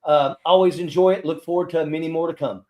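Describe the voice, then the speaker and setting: A man guesting on a live stream from an echoey room, his voice a touch high. He rallies earnestly and stumbles over repeated words. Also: steady tone, fast, darkish tone. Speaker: guest, fellow show host. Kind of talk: casual political talk.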